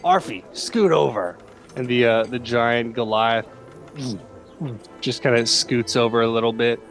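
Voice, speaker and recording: A man runs a tabletop game as game master. He narrates in a relaxed, easygoing way, leaning on lots of fillers. Faint music plays in the background. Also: mid-range voice, unhurried.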